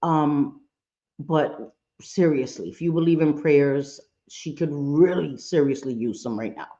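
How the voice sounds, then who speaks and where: Hosting a casual livestream chat, a woman in her fifties speaks in a deep, unhurried, warm voice, blunt and profane and laughing often. The audio is dull lo-fi stream quality.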